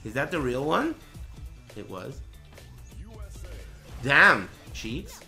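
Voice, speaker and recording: A man's voice: mid-range voice, bright, forceful tone. A man streaming a casual reaction chat, brash and profane, trash-talking his viewers.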